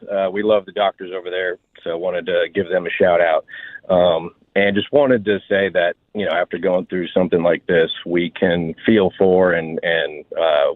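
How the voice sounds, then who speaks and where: A man's voice: sits low, no echo. A man calling into a radio show, earnest and choked up with emotion. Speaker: caller. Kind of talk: phone call into radio show. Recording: tinny phone line.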